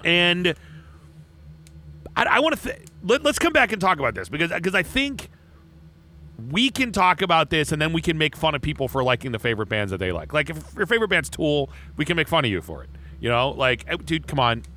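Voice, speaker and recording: A man's voice: fairly high pitch, sing-song, brisk, sharp tone, a little hiss or hum. A man co-hosting a podcast, rambling through casual chat with crude jokes and constant restarts. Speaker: podcast co-host.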